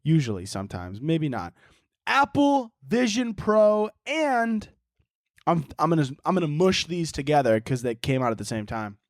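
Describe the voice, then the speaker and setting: A man's voice: on the high side, wildly swooping pitch, moderate pace, no echo, studio quality. A man hosting a casual solo podcast, rambling and swearing, often laughing and mocking things in silly voices. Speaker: podcast host.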